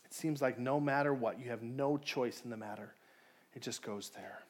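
With a medium-pitched male voice at normal speed, a pastor delivers a conversational sermon. He questions the congregation and acts out the voices inside people's heads.

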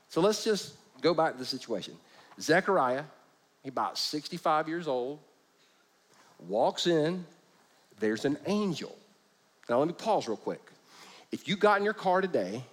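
A pastor preaches a humorous sermon, joking as he retells scripture and acting it out with different voices in a playful way. His voice is fairly high-pitched and a bit bright.

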